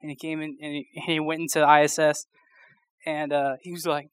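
A young man preaches in a loose, conversational sermon, rambling through a story with many fillers and false starts. His voice sits a little high, and the sound is close and dry with no room echo. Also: little pitch movement, normal speed, smooth. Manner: chatty, rambling, full of fillers and restarts.

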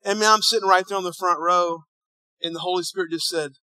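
A man preaching a sermon, telling a story and acting out the dialogue, dropping quiet and then rising loud. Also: high voice, steady tone, quick pace, no room sound, poor audio. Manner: storytelling, acts out dialogue, swings between hushed and loud. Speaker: pastor.

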